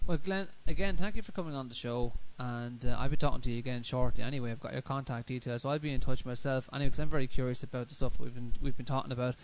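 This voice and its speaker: A man hosting a radio show, talking in a relaxed, rambling way with many fillers. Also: medium pitch, fast talker, few pauses, slight background noise, rough recording. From Ireland. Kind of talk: casual chat.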